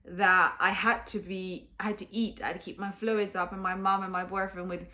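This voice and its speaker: A woman's voice: mid-range voice, fairly even intonation, normal speed, bright, forceful tone. A woman telling a personal story to camera in a chatty way, full of fillers and acted-out quotes. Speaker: vlogger.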